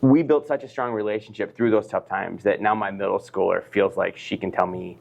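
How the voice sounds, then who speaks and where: A man's voice: on the low side, fairly even intonation, a little fast, creaky, darkish tone. A middle-aged man, a business professor, talking earnestly and expressively as a guest in a casual interview.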